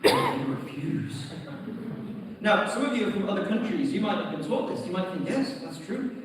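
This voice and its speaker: A man's voice: sits high, animated, normal speed. British preacher guy, light humour, faint hiss, distant and roomy. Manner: storytelling, lightly humorous. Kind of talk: sermon. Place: large church hall. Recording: echoey hall from far off.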